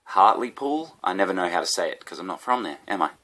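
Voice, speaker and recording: Low-voiced, swearing Australian man. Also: rapid-fire, bright, forceful tone. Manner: profane, rambling, laughing at his own tangents. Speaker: comedian. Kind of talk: casual comedic rant.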